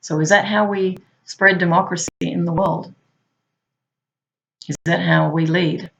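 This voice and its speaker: A woman's voice: on the low side, flat delivery, a little slow, creaky, fairly bright tone, dull audio. A woman hosting her channel, reading from a transcript and commenting in a chatty way, often posing rhetorical questions to the listener. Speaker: channel host.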